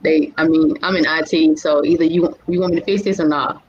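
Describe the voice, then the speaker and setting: A woman's voice: low voice, steady tone, a little fast, darkish tone. A woman speaking bluntly and directly in a casual group chat. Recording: dull lo-fi sound with faint noise.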